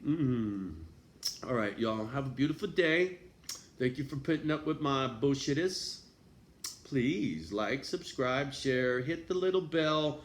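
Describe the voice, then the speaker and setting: A man's voice: mid-range voice, expressive, slow, roomy sound. Profane rambling man vlogging. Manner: profane, rambling, laughs often. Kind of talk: casual vlog monologue.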